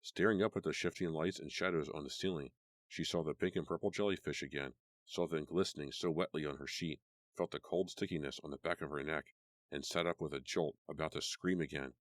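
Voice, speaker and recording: A man narrating an audiobook in a measured storytelling manner. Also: very deep voice, steady tone, no room sound, studio quality. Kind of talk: scripted narration.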